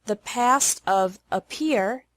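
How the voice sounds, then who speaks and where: A woman leads a pronunciation lesson at a slow, careful pace. She says each model word clearly and deliberately. Her voice sits at a middle pitch. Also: fairly bright tone, dry recording. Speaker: English pronunciation teacher.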